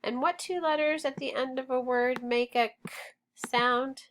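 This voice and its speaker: A woman's voice: sits high, fairly even intonation, a little hiss or hum. A woman teaching a phonics lesson, spelling out letters and sounding out words in a patient, encouraging way. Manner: slow, deliberate, spells out sounds.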